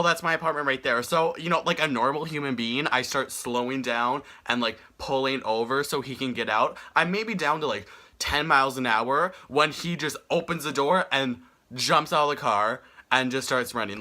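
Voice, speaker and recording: A young man telling a story on his vlog in an animated, exasperated way. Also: mid-range voice, normal speed. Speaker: vlogger.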